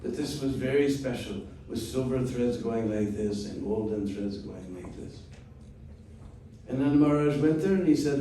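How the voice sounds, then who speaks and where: Brief: male spiritual teacher, mellow voice, storytelling class, echoey room from far off. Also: mid-range voice, lively intonation, slight background noise. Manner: unhurried, with frequent "hmm?" check-ins.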